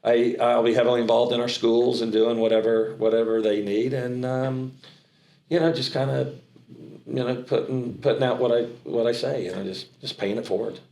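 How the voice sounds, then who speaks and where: A middle-aged American man with a trace of a Southern accent, telling stories in an animated, rambling way and often restarting his sentences. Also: mid-range voice, normal speed, creaky, reverberant. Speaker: charity founder and auctioneer. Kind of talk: casual interview talk.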